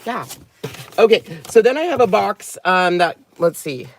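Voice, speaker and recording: Man, crafting vlog host, casual unboxing chat, giggly and dramatic, very lively pitch, inside a car. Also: a little slow.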